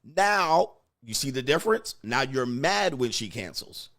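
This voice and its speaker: A man's voice: mid-range voice, very animated, moderate pace, fairly bright tone. A man lecturing on dating in a blunt, emphatic way, swearing and acting out quoted exchanges. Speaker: dating advice host. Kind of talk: lecturing monologue.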